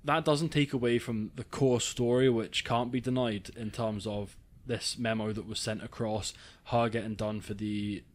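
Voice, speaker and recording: A man's voice: lowish voice, steady tone, normal speed, hardly any pauses. A man co-hosting a podcast, giving an earnest, casual film review with restarts. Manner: earnest, repeats himself. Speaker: podcast co-host.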